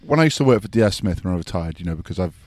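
A man's voice: deep voice, expressive, racing, a little mellow, no echo. A man co-hosting a podcast, chatting casually with teasing, jokey banter. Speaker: podcast co-host. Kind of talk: casual chat.

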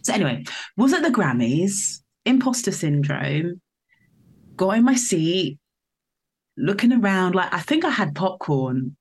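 A woman's voice: on the low side, big pitch swings, unhurried, darkish tone, slightly rough. A woman from the countryside, a musician telling a story as a guest in a casual interview, rambling and laughing as she goes. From England.

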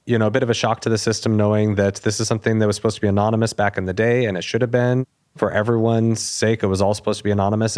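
A man, a police officer guest, telling an anecdote with animated delivery and acted-out dialogue. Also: lowish voice. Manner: animated, acts out quoted dialogue. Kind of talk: storytelling anecdote.

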